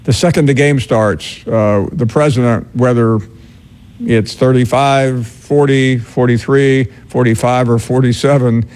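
A man hosting a sports call-in radio show, speaking in a measured way with frequent filler pauses. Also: medium pitch, fairly even intonation, a little mellow. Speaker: sports talk radio host.

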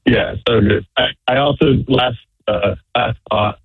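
A friendly man calling in to a radio show, stumbling through "uh"s as he talks. he comes through a garbled, tinny phone line that sounds husky and dry. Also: medium pitch, steady tone, a little slow, no echo. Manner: friendly, hesitant fillers. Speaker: caller. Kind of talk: call-in chat.

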